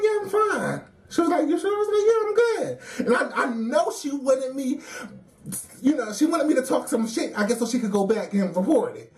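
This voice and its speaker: A woman's voice: mid-range voice, warm tone. A woman, telling a casual work story, laughing often and acting out the voices of the people she quotes.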